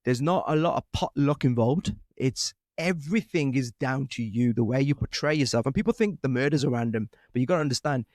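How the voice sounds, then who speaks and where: British podcast host, eager and laughing. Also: male voice, medium pitch, a little fast, few pauses, a little mellow, no echo, clean studio sound. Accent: British English. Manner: enthusiastic, laughs often, acts out quotes with a rising voice. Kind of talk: casual interview chat.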